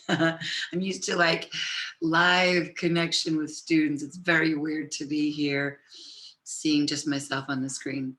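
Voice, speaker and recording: A woman teaching Italian on a live stream, switching between Italian and English, greeting viewers and dictating phrases slowly. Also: low voice, a bit bright. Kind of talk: live-streamed language lesson. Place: home office with computers.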